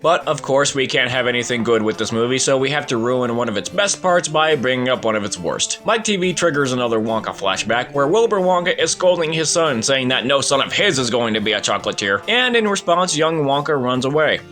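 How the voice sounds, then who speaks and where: Animated sarcastic young man. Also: a little fast, hardly any pauses, faint music behind. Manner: sarcastic, exasperated, lively swings in pitch. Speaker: video essayist. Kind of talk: scripted commentary review.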